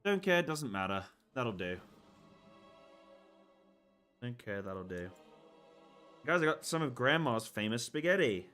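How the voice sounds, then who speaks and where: A man's voice: medium pitch, sing-song, measured pace, long pauses, fairly bright tone, faint music behind. A man streaming a game, chatting casually and muttering to himself as he picks options. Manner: rambling, mutters to himself while picking options. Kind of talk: casual gameplay chat.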